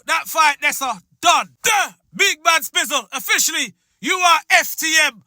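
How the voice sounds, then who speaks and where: A man hosting a commentary channel, loudly taunting and shouting. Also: very high-pitched, lively intonation, moderate pace, few pauses, no room sound. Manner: loud, taunting, shouting often. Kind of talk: hyped street-style commentary.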